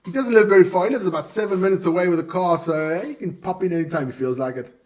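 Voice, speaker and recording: A man's voice: sits high, fast talker, distant mic. A man hosting a live stream alone, chatting casually and stumbling over hard player names.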